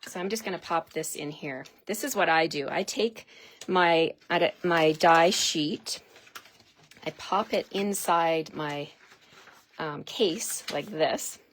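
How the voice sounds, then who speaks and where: A woman hosting a live craft demonstration, chatty and excitable, gushing over each product as she unpacks it. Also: sits low, slow.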